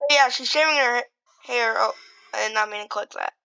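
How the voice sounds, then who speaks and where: A woman's voice: on the high side, a little fast, creaky, dull audio, a little hiss or hum. A young woman giving profane, mocking commentary as she reacts to a video, swearing constantly and laughing often. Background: loud music from the video she reacts to.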